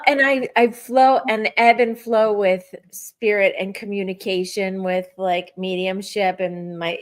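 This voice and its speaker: A middle-aged woman telling a personal story in casual spiritual chat, animated and acting out her own thoughts. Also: on the low side. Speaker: podcast co-host.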